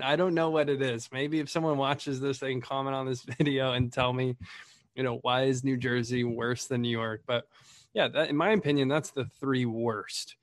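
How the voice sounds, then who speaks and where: A man's voice: mid-range voice, dry recording, studio quality. A man hosting a casual chat, rambling and laughing often as he talks shop. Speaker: podcast host, Medicare marketer.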